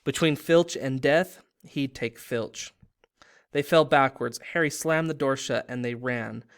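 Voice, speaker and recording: A man's voice: medium pitch, measured pace, clean tone. A man hosting a read-aloud video, reading a novel aloud with dramatic pacing.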